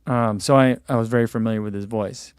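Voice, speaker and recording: A man's voice: mid-range voice, fast talker, clean tone, no room sound. Guy from jersey chatting on his running stream, loose and rambly, dry close sound. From New Jersey. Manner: rambling, relaxed, many fillers and restarts. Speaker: running channel host. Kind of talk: livestream chat answering viewer questions.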